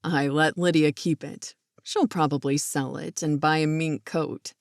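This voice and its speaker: A woman voicing a smitten grown man in a romance audiobook, speaking low, soft and affectionate. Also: fairly even intonation, measured pace, dry recording, studio quality. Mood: playful. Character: smitten man in his thirties, tender, playful.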